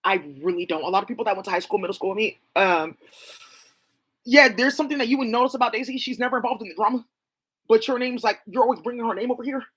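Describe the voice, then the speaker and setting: Woman, husky voice, rapid delivery, casual rambling monologue, profane, scattershot. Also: fairly high pitch, steady tone, a bit bright. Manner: rambling, profane, jumping between names and claims.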